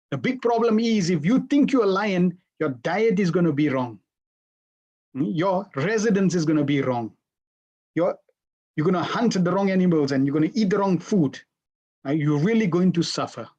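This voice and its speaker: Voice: medium pitch, a little mellow, slightly rough, dull audio. A teacher running an interactive online class over a video call, asking the students questions and repeating their answers back.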